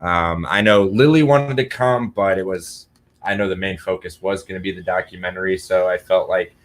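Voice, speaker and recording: A man on a talk show as a guest, telling a rambling story with many pauses and ums. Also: low voice, fairly even intonation. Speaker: guest, paranormal team member. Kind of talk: casual chat.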